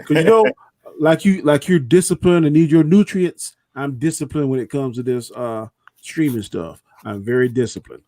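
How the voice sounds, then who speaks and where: A man's voice: a little high, normal speed, dry recording. A man teasing a friend in casual live-stream chat. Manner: playful teasing, animated. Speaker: co-host.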